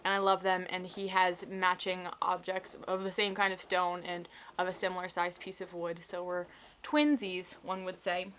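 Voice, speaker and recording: A woman's voice: lowish voice, flat delivery, moderate pace, a bit bright, slight background noise. A young woman telling stories in a casual video diary, chatty and full of restarts and fillers. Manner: chatty storytelling with many likes and restarts. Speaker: vlogger.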